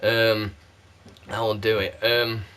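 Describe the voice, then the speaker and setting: On the low side, smooth and a bit bright, his voice keeps a level tone and an unhurried pace. He's a South Yorkshire man with a mixed local accent, casually rambling to camera and running himself down as a YouTube candle reviewer, recorded on a PlayStation camera mic.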